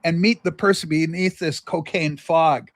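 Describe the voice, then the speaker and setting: A man's voice: a little high, normal speed, very noisy. Older man telling a rambling story. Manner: animated, jumps between asides and acted quotes. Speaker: livestream co-host.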